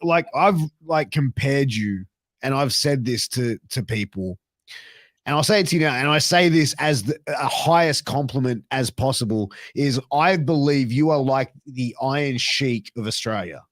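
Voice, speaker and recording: A man's voice: medium pitch, moderate pace, no echo. A man hosting a podcast, speaking earnestly and padding his speech with like and bro. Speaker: podcast host. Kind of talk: casual interview chat.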